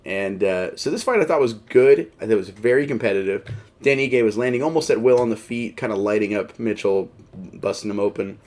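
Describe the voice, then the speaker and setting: A man's voice: fairly low pitch, fairly quick, darkish tone. A man hosting a mixed martial arts show, talking in a rambling, casual way full of fillers and wry, self-mocking asides. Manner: wry, joking, laughs at himself. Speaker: MMA show host. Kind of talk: casual commentary.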